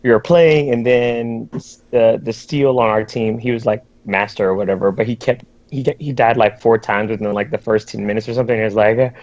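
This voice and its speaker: A man's voice: medium pitch, fairly even intonation, brisk, few pauses, darkish tone, no echo. Co-host type: an exasperated man griping casually, dry close sound with a dull lo-fi edge. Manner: ranting, exasperated, mimics other players. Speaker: podcast co-host. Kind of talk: casual gaming chat. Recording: dull lo-fi stream audio.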